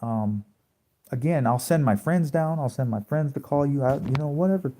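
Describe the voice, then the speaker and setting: A man rants confrontationally to a live audience from home late at night, preaching, swearing freely and firing off rhetorical questions. His medium-pitched voice has a warm tone and a moderate pace. There's a little hiss or hum.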